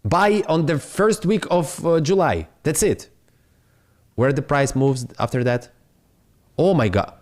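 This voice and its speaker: A man from Ukraine with a Ukrainian accent, hosting a live crypto stream in excitable, swearing, broken English. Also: a little high, unhurried.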